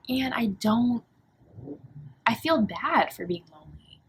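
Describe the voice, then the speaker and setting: A woman's voice: fairly high pitch, animated, slow pace, pauses often, a little hiss or hum, poor audio. A woman in her twenties, a college student talking candidly in a casual confessional vlog from her dorm room, full of "like" and "um". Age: 20s. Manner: candid, emotional, lots of fillers like "like" and "um".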